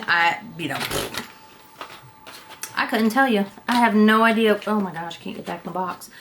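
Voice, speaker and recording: A woman's voice: mid-range voice, moderate pace, fairly bright tone, soft background music. Chatty woman rambling through a declutter. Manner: chatty, rambling, self-deprecating, swears casually. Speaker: beauty vlogger. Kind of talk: casual makeup declutter chat.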